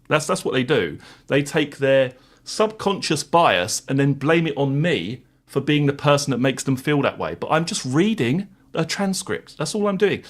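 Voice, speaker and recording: A man hosting a live stream, chatting to viewers and reading court transcripts in a plain voice, wry and sarcastic toward critics. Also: fairly high pitch.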